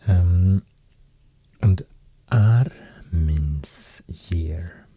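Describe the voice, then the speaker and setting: A Swedish-accented man talks in a soft ASMR murmur, often dropping into a whisper. His voice is low, flat and husky, and he moves slowly with hesitant pauses. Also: dry recording. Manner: half-whispered, hesitant with many fillers. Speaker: ASMR host explaining runes. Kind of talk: soft-spoken ASMR lecture.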